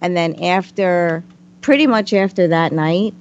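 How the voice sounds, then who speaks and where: A woman's voice: lowish voice, a little slow, a little mellow. A woman, a guest on a spiritual talk show, telling a story casually and often murmuring agreement. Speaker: interview guest. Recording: muffled lo-fi recording.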